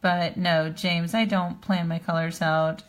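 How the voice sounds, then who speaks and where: A woman's voice: lowish voice, flat delivery. A woman casually chatting on a live stream about her coloring, thinking aloud as she works in a small home studio, picked up on a phone. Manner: unhurried, thinking aloud while working.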